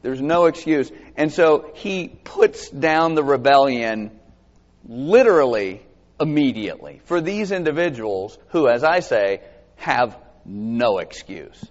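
Animated male preacher in a reverberant hall. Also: medium pitch, takes it slowly. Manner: animated, expressive, asks the congregation questions. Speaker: pastor. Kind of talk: conversational sermon with scripture reading. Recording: dull sound with long hall reverb.

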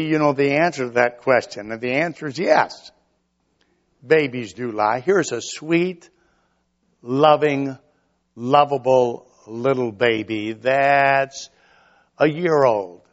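An older man delivers a sermon at an unhurried, deliberate pace, in a folksy storytelling way that slips into little acted-out quotes. His voice sits at a middling pitch. The recording sounds a little dull. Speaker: preacher.

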